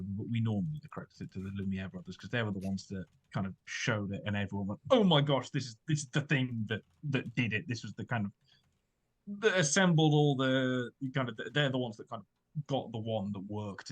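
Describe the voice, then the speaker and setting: A man's voice: fairly low pitch, brisk. A man hosting a casual chat, talking through his research with many fillers and restarts. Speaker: podcast host presenting research.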